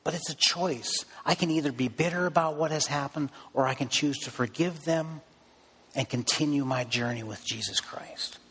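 A man's voice: on the high side, normal speed, a bit bright, breathy edge, long reverb tail. A man preaching a sermon as pastor, in an earnest, repetitive preaching manner.

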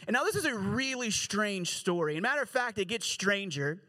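High-voiced man preaching casually. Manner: animated, acts out characters in quick voices; slangy, joking asides. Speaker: pastor. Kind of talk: casual storytelling sermon.

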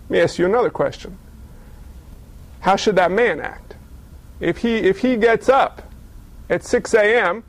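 A man's voice: high-pitched, moderate pace, creaky, pauses often. A male pastor preaching a sermon, joking and firing off rhetorical questions.

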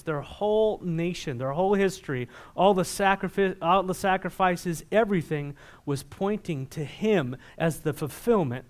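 A man preaching a sermon as a pastor, asking the congregation questions and growing loud and emphatic when reading scripture. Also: fairly high pitch.

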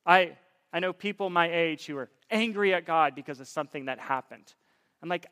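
A young man preaching a conversational sermon, stumbling over repeated words and building up to forceful emphasis. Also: on the high side, brisk, smooth.

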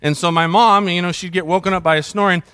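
High bright-voiced middle-aged male pastor. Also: fairly even intonation, fast, smooth. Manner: conversational storytelling, mimics sounds. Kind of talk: sermon.

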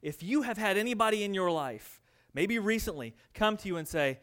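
Male minister, high voice, earnest conversational sermon with loud-to-hushed swings. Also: a little fast, smooth.

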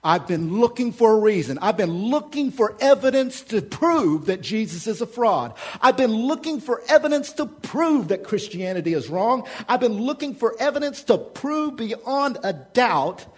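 A man's voice: very high voice, animated, moderate pace, hardly any pauses, husky, pitched above the performer's own voice, exaggerated voice. A man voicing a scornful skeptic who mocks believers, in a raised, emphatic voice. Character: scornful adult male skeptic mocking believers.

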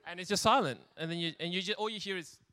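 Male preacher, casual and funny, crisp bright tone, dry close sound. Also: high voice, quick pace, dry recording. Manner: chatty, laughs often, acts out scenes. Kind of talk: humorous sermon storytelling.

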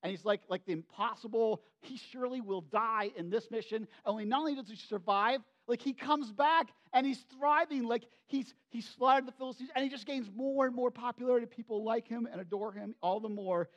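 A man preaching a sermon, retelling a Bible story in an animated, conversational way with frequent asides to the congregation. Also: extremely high pitch, a little fast, few pauses, muffled recording. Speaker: pastor.

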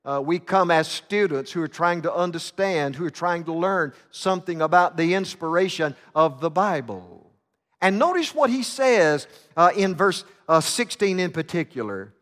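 A man's voice: on the high side, expressive, normal speed, fairly bright tone. A man preaching a sermon, telling a story dramatically and often stumbling over fillers and restarts. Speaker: pastor. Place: church sanctuary. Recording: long reverb of a church sanctuary.

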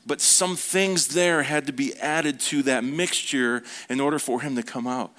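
A man preaching a conversational sermon, telling stories with relaxed, playful asides. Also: mid-range voice, unhurried.

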